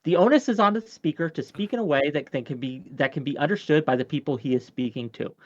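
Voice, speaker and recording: A man's voice: fairly high pitch, fast, no echo, highs cut off. A man hosting an online debate panel, arguing his point firmly and repeating it for emphasis.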